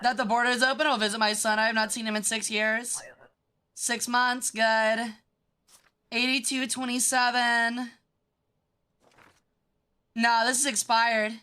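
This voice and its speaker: A woman streaming a game with casual commentary. She sounds bratty, swears freely and reacts fast. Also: on the high side, level tone, pushed and bright, smooth.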